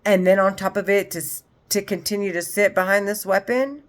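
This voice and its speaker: A woman in her forties talks alone to her camera in a heated, repetitive rant, swearing freely as she circles back to the same points. Her voice sits at an ordinary middle pitch, and she keeps pushing ahead with little pause. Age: 40s. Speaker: vlogger. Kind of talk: unscripted monologue to camera.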